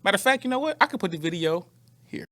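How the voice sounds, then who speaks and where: A man with a bright, sharp voice, chatting casually on a podcast. He tells stories in an animated way and slips into other voices when he quotes people. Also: high-pitched, racing. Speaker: podcast co-host.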